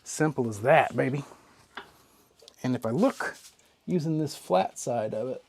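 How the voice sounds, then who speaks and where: A man hosting a knife sharpening channel, talking casually to his viewers in a relaxed, chatty way while he works. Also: medium pitch, a little slow, pauses often, slight background noise. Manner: relaxed and chatty, with fillers and trailing asides. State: hiccups. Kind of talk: casual demo talk to camera.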